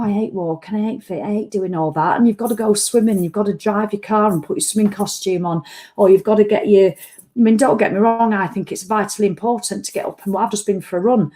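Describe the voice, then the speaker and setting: Tired after a run, a female vlog host with a mellow, mid-range voice hosts a casual live-stream chat, ranting bluntly and swearing freely.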